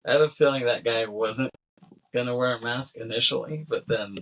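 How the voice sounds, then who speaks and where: A podcast co-host with a medium-pitched, slightly bright voice recaps a film scene by scene at a moderate pace. He rambles casually, acting out the characters' lines and laughing between them, over a rough recording.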